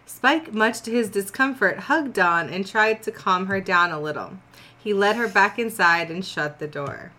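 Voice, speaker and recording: A woman's voice: medium pitch, measured pace, sharp tone. A woman casually reading a story aloud on a podcast, breaking off for blunt, swearing asides.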